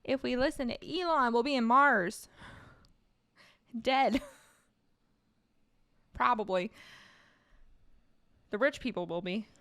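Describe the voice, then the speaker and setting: A woman from California, a streamer doing live stream commentary, reading aloud and reacting in a casual, wry way that breaks into quick laughs. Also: fairly high pitch, a bit bright, no room sound, studio quality.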